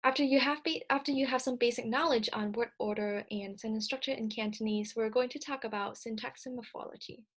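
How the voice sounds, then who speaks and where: A young woman delivers a recorded slide lecture in a slightly higher voice. She explains each point carefully and methodically, pausing on ums and correcting herself mid-phrase. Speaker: speech-language presenter.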